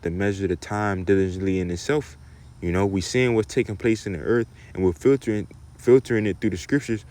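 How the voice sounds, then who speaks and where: A man teaching from scripture, often ending phrases with "man" and "okay?", slowing down to read verses with emphasis. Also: low voice. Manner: repeats "man" and "okay?" as tags, reads verses slowly and loudly. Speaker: preacher.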